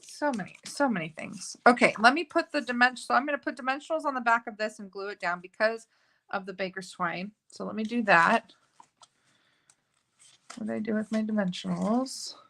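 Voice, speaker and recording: Bright, gushing woman crafting host. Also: a little high, brisk, creaky. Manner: chatty and gushing, with frequent fillers. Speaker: card-making host. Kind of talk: live crafting tutorial chat.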